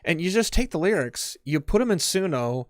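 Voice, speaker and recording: A man's voice: fairly high pitch, big pitch swings, moderate pace, no echo, studio quality. A man on a casual podcast chat who often restarts his sentences and laughs along. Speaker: podcast co-host.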